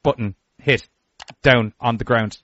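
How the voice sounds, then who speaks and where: A man's voice: mid-range voice, unhurried, a bit bright, no room sound. A man hosting a casual horror news livestream, bantering sarcastically and swearing freely. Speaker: podcast host. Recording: lo-fi livestream audio.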